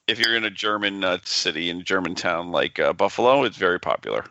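A man's voice: deep voice, animated, quick pace, bright, forceful tone, dull audio, slight background noise. An American man co-hosting a casual podcast, dropping dry, wry remarks. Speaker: podcast co-host. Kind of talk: casual chat.

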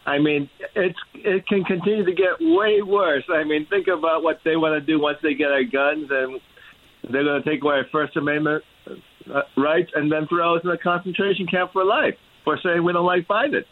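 A man's voice: on the high side, steady tone, normal speed. A man talking as a guest on a radio roundtable, heated and rambling. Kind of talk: talk radio discussion. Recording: tinny phone-like line.

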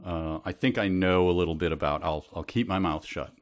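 A man's voice: low-pitched, fairly even intonation, a little fast. A man co-hosting a casual comedy podcast, making wry, hesitant comments and telling anecdotes. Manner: wry, hesitant, laughing asides. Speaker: podcast co-host. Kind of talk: casual comedic book read-along.

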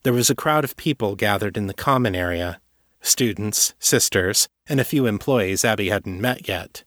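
A man's voice: lowish voice, no room sound. Man narrating a story, dry sound. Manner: even, measured storytelling. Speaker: author and narrator. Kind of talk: audiobook narration.

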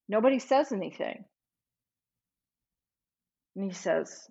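A woman with a medium-pitched voice speaks a little slowly. She's a Los Angeles-based trial lawyer guesting on a podcast, vividly telling a case story in conversation and acting out what people said. The audio is dull and lo-fi.

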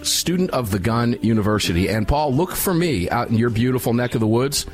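A man's voice: medium pitch, animated, a little fast, faint music behind. A man hosting a talk radio show, chatting in a rambling, agreeable way with a guest.

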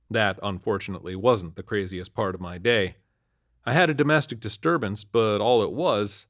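A man with a low voice reads a first-person supernatural tale in an earnest, matter-of-fact manner. The sound is close and completely dry, with no room around it. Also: fairly bright tone, dry recording. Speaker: narrator. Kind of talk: first-person horror story narration.

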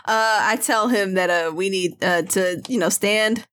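Woman player, casual and halting, tabletop game. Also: mid-range voice, a bit bright. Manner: hesitant, many fillers and restarts.

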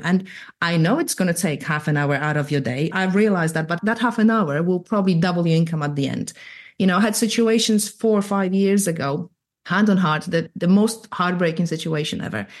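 A woman in her thirties from Poland with a light Polish accent, a photographer chatting as a guest in a casual, straight-talking, lively way. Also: fairly low pitch. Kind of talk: casual interview chat.

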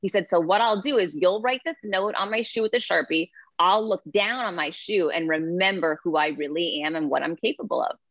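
A middle-aged woman speaks as an interview guest, lively and emphatic as she tells her stories. Her voice sits a little low for a woman. The sound is dry and somewhat muffled, with no room echo. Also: a little fast, few pauses. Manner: energetic, emphatic storyteller. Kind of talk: interview conversation.

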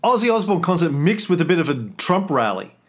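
A man's voice: sits high, very animated, fairly quick, a little hiss or hum. A man co-hosting a casual chat, rambling with many fillers and asides. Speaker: podcast co-host.

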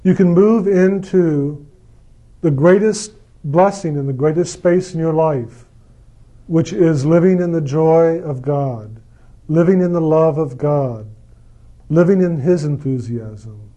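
Guy with a fairly high mellow voice giving a gentle spiritual talk, repeats himself a lot. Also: slow, muffled recording. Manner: gentle, repetitive, acts out quoted lines with mock enthusiasm. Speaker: spiritual speaker.

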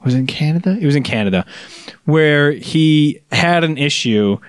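A man's voice: fairly high pitch, expressive, normal speed, no echo, studio quality. A man co-hosting a casual chat podcast, rambling with many restarts and fillers. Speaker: podcast co-host.

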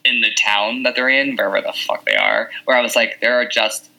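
A man co-hosting a podcast, casually recapping a movie in a giggly, animated way. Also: mid-range voice, a little fast, poor audio. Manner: animated, giggly retelling of scenes. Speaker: podcast co-host.

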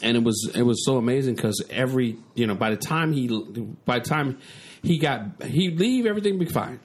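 A man's voice: mid-range voice, brisk. A middle-aged man co-hosting a podcast, chatting casually and rambling with lots of restarts. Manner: rambling, with many restarts and "you know what I'm saying". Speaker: co-host.

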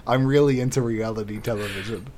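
Rambling man improvising comedy, slightly low voice. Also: quick pace, a crowd in the background. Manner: rambling, full of fillers and giggles.

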